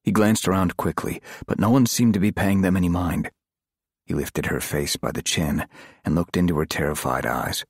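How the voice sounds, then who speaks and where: Low husky male audiobook narrator. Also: no room sound, clean studio sound. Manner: measured, dramatic reading. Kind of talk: scripted narration.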